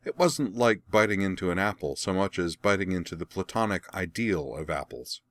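A man narrating a fan fiction story as an audiobook, with an even, wry storytelling manner. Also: low voice, normal speed, no echo.

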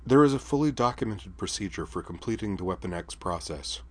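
A man's voice: on the low side, expressive, fairly quick. A man reading a story aloud, voicing a blunt young woman fighter who talks in clipped, formal sentences without contractions. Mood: cold.

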